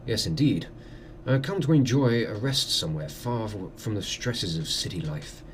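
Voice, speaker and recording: A man's voice: on the low side, sing-song, normal speed, a little hiss or hum. A man voicing a polite, reserved Victorian male doctor who asks formal questions.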